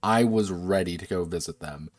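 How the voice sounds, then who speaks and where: A man's voice: deep voice, normal speed, no room sound, clean studio sound. A man chatting casually on a stream about designing games, rambling, laughing and swearing freely. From United States. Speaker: game designer streaming a workshop.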